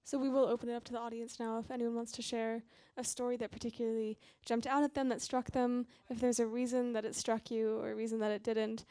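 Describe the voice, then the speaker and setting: A woman's voice: on the high side, flat delivery, quick pace, hardly any pauses, mellow, no echo, clean studio sound. A woman moderating a library seminar who invites the audience to share their thoughts. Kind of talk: moderating a live talk. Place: library event room with live audience.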